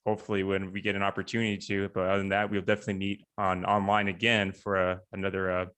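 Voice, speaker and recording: A young man hosts a casual chat by video call, his voice sitting a little low. He talks in a relaxed, halting way and leans on fillers and restarts. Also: clear, resonant tone. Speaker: podcast host.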